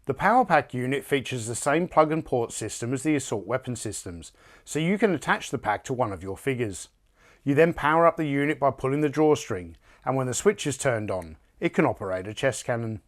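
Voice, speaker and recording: A man reading a scripted toy review narration in an even, polished way. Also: mid-range voice, a little fast.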